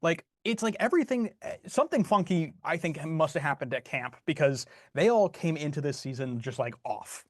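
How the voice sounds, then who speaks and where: A man's voice: a little high, lively intonation, no echo. Guy on a sports podcast, says like constantly, stops and starts, dry close sound. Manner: halting, heavy use of "like", frustrated. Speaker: podcast co-host. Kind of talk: casual sports chat.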